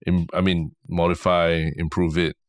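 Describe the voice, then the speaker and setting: A man's voice: deep voice, little pitch movement, normal speed, no echo, studio quality. A man with a Singaporean accent hosting a casual podcast, asking questions and murmuring along attentively. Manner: attentive, frequent murmured backchannels. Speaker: podcast host.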